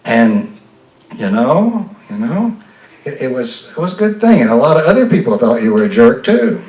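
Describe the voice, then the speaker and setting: A man's voice: medium pitch, big pitch swings, moderate pace, darkish tone. An older man from the American South telling a folksy, self-deprecating story live on a festival stage, often stammering and restarting. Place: festival stage before an audience. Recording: roomy sound from a distant mic.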